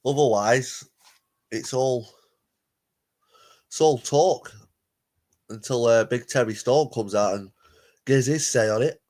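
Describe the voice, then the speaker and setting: A man's voice: mid-range voice, takes it slowly, pauses often, a little mellow. A man hosting a live reaction stream, talking bluntly and casually, swearing freely.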